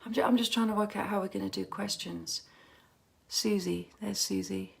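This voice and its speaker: A woman's voice: mid-range voice, fairly even intonation, normal speed, gravelly. A woman hosting a casual fan livestream from home on her phone camera, chatty and rambling with lots of ums and restarts.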